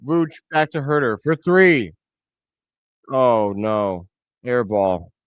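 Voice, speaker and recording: Excitable fan calling a game, dry sound. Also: male voice, mid-range voice, slow pace, clear, resonant tone, no echo, highs cut off. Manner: excitable, blunt, swings into loud outbursts. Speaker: host of a fan reaction stream. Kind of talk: live play-by-play reaction commentary.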